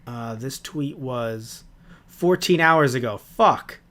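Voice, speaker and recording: A man's voice: medium pitch, moderate pace. A man co-hosting a casual podcast chat, talking in a rambling, hesitant way with frequent swearing. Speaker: podcast co-host.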